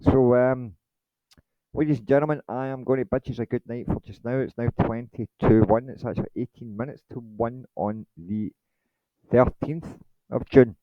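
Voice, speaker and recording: A man's voice: medium pitch, fairly even intonation, moderate pace, dry recording, narrow, tinny audio. A man hosting his channel in a rambling late-night monologue, blunt and swearing, with many ums. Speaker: channel host.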